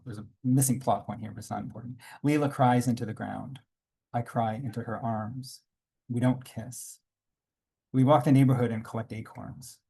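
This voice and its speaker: Male comics artist reading his memoir to a panel audience, warm, a little breathy, unhurried asides. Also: mid-range voice. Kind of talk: reading aloud from his own graphic memoir. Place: conference panel room.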